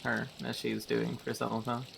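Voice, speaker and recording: A man's voice: medium pitch, completely flat delivery, normal speed, vocal fry, a bit bright, husky. A man in a tabletop game playing his character with blunt, stern, curt lines into a streaming mic. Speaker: player.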